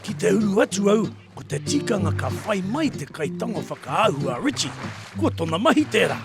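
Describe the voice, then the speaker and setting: New Zealand male host, high gravelly voice, narration over music. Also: sing-song, a little fast. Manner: narrates in Māori, jokes with companions. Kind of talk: narration and casual banter on a hunting show. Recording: music playing under the voice.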